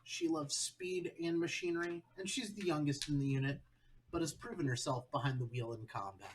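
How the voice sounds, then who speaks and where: A man playing a tabletop game, joking in relaxed casual chat. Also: fairly high pitch, a little fast. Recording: faint background noise.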